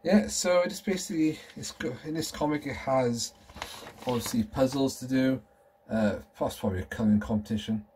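A man's voice: mid-range voice, brisk, a little mellow, a little hiss or hum. A man in his thirties chatting casually and enthusiastically as he shows off collectibles at home. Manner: rambling, enthusiastic, nostalgic. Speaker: collector vlogger. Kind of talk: casual show-and-tell chat.

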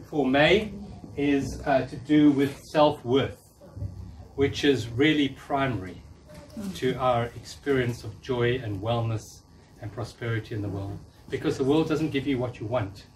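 A man's voice: mid-range voice, darkish tone. A man in his fifties giving a live talk to a room, coaching listeners through affirmations and repeating key phrases. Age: 50s. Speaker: workshop speaker. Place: meeting room with audience. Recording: distant room mic with faint noise.

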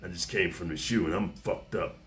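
A man putting on the voice of a withdrawn inmate just out of solitary, speaking low and subdued. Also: fairly quick, fairly bright tone. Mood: haunted, subdued.

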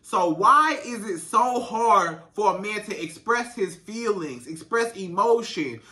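High bright-voiced man giving relationship advice. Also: lively intonation, unhurried, recorded from a distance. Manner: emphatic and conversational, speaks straight to women, repeats phrases. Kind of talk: direct-to-camera advice vlog.

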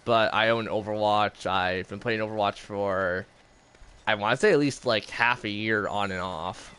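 A man's voice: lowish voice, normal speed, pushed and bright, clear, resonant tone. A man chatting casually in a rambling way while streaming gameplay. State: has the hiccups. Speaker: gaming streamer.

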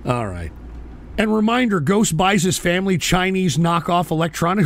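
A man hosting an internet radio show, delivering a profane, combative live rant. He keeps adding insistent tag questions and breaks into sudden shouted outbursts. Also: sits high, animated, fairly quick, dry recording. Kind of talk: live-streamed ranting monologue.

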